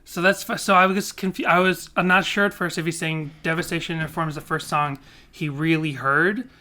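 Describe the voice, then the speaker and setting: Bright-voiced male podcast co-host. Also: on the high side, fairly even intonation, a little fast. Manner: rambling, self-correcting, joking. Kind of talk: casual podcast chat.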